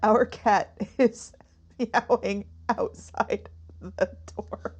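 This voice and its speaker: A woman's voice: medium pitch, steady tone, very slow, husky. A woman co-hosting a podcast in casual chat, laughing often. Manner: giggly, laughs a lot. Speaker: podcast co-host.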